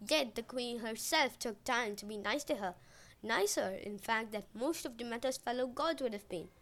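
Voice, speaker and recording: A woman's voice: a little high, normal speed, a bit bright. A woman retelling a myth in a casual, chatty way with joking asides. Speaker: podcast storyteller.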